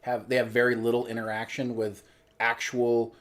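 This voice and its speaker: A man co-hosting a relaxed pop culture podcast. He gives his opinions with energy in casual, conversational speech. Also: medium pitch, moderate pace. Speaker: podcast co-host.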